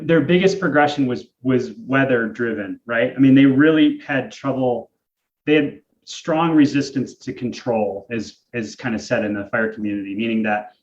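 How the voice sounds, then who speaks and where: A man co-hosting a podcast, explaining climate patterns in a casual, thinking-aloud way with many fillers. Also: mid-range voice. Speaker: podcast co-host, climate expert. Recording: echoey, dull lo-fi remote audio.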